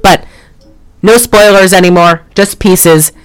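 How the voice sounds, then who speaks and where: A podcast co-host in a rambling, excitable, casual movie review chat, often laughing and swearing. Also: medium pitch, slow pace, clean tone, no room sound.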